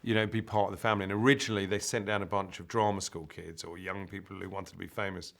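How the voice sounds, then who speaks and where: A relaxed man speaks in a lowish voice during a press interview. He talks conversationally and drops in frequent fillers as he explains. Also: fast, vocal fry. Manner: relaxed, conversational, uses "you know" fillers. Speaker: actor being interviewed.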